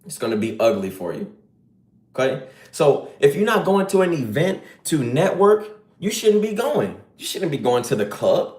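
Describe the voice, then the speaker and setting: A man's voice: on the high side, very animated, moderate pace, darkish tone, reverberant. Man ranting emphatically on a live stream. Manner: preachy, emphatic, slangy. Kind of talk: casual live-stream rant.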